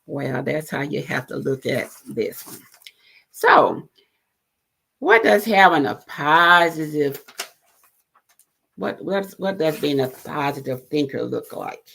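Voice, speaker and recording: A middle-aged woman hosting an encouraging talk show, speaking gently and pausing with fillers and restarts. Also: low voice, lively intonation, vocal fry, slightly rough. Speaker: host.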